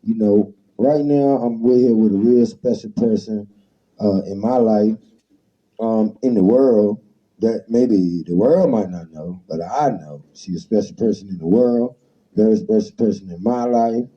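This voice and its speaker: A man hosting a casual talk show, opening with rhythmic, hyped slang before easing into relaxed chat. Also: lowish voice, a little slow. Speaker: show host. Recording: dull lo-fi sound.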